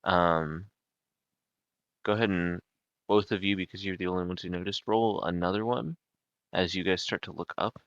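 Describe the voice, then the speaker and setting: A man's voice: sits low, fairly even intonation, moderate pace, long pauses, a bit bright, smooth, dry recording, dull audio. A man narrating as game master of a tabletop game, rambling and restarting his sentences.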